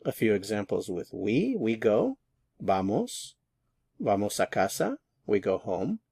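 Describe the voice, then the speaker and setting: A man teaching a language lesson at a board, explaining each form patiently and repeating words slowly. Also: fairly low pitch, wildly swooping pitch, vocal fry, warm tone, husky, no room sound, studio quality. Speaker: Spanish teacher.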